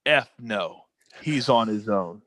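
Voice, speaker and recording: A man's voice: on the low side, lively intonation, slow pace, fairly bright tone, no echo, pitched below the performer's own voice. A man acting out an explosive, crude older male boss who bellows in disbelief. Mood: curt dismissal.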